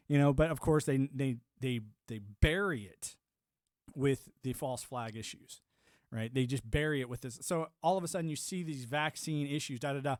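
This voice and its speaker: A man's voice: on the high side, a little fast, no echo. Ranting man with a dry close mic. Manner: ranting, mocking quoted voices, repeats words. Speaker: livestream host. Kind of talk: casual political commentary.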